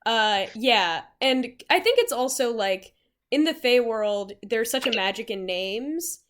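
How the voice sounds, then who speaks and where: A woman's voice: a little high, big pitch swings, measured pace, fairly bright tone. Rambling woman game master. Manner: rambling, filler-heavy. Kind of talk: casual tabletop game chat.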